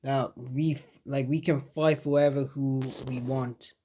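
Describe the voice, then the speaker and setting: A man's voice: mid-range voice, level tone, a little slow, mellow, slight background noise, pitched below the performer's own voice, close to an everyday voice. A man voicing an angry young male ninja hero who fires off indignant questions.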